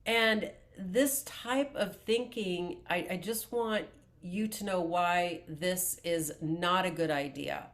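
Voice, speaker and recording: A woman coaching viewers through a self-help lesson at a very slow, deliberate pace. Her voice sits a little low and stays calm. She explains each step plainly, pausing and restarting now and then. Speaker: life coach. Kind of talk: self-help video talk to camera.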